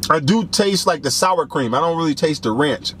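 Animated slangy young man reviewing snacks. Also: fairly high pitch, normal speed, a little hiss or hum. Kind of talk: casual taste-test vlog.

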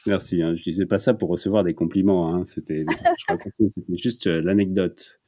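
A man's voice: low-pitched, steady tone, quick pace, mellow. A man with a French accent chatting casually on a live painting stream, hesitant, with many fillers and restarts. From France. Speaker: painting demonstrator. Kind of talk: casual bilingual live chat.

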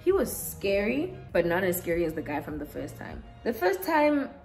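A young woman from Africa, chatting casually through a makeup routine and telling a story, animated and acting out what people said. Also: medium pitch, moderate pace, soft background music. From South Africa. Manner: chatty and animated, acts out quotes. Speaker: beauty vlogger.

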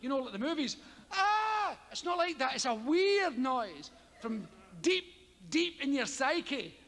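A Scottish man doing stand-up comedy, telling a story with heavy swearing and loud yelped sound effects. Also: very high voice, unhurried. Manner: animated, profane, loud vocal sound effects. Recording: live hall with audience ambience.

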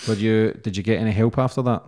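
Fast-talking man with a low, mellow voice. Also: steady tone. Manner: frank, supportive, swears casually. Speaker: podcast host. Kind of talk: podcast interview.

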